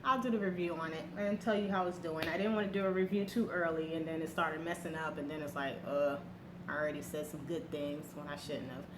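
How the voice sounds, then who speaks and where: A woman's voice: low voice, steady tone, brisk, noisy background. A woman giving a casual, candid product review as a vlogger, talking with fillers and slang. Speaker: beauty vlogger. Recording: echoey room with faint ambience.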